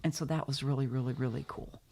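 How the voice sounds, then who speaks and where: This author guest, a middle-aged American woman, has a very deep, husky voice with a steady tone and a fast pace. Chatting casually in an interview, she shares stories warmly and effusively, punctuated with exclamations.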